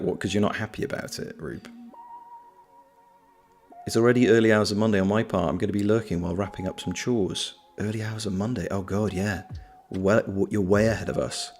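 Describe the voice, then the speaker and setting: A man hosting a casual livestream, chatting and reading viewer messages aloud. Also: lowish voice. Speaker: livestream host. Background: soft lo-fi background music.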